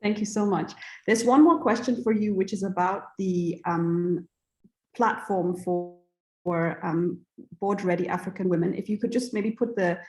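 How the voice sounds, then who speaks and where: A woman moderating a conference panel, polite and a little halting. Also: medium pitch, a little mellow, echoey room.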